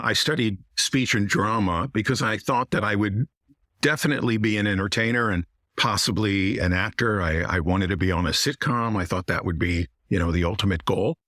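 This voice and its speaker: A man's voice: on the low side, bright, forceful tone, dry recording, studio quality. A middle-aged American man, a magician and comedian, chatting as a guest with a rich voice whose sentences turn down at the end. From United States. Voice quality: rich podcasting voice. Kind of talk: casual interview chat.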